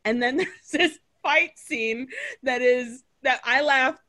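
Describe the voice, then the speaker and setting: A woman co-host chatting casually on a podcast. She retells film scenes in an animated, profane way. Her voice sits a little high. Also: slow pace. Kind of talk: casual chat.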